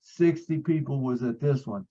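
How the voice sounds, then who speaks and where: Man, earnest storyteller, repeats himself, video call, muffled lo-fi sound, mid pitch. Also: moderate pace, mellow. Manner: earnest, repeats phrases, frequent fillers. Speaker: support group member.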